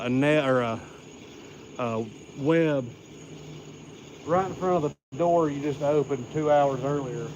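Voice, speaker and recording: A man livestreaming from outdoors at night, coaxing his pet and chatting casually, a little out of breath. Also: mid-range voice. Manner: talks to his pet in coaxing baby talk between chatty asides. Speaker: livestream host caring for animals. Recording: noisy outdoor night recording with crickets.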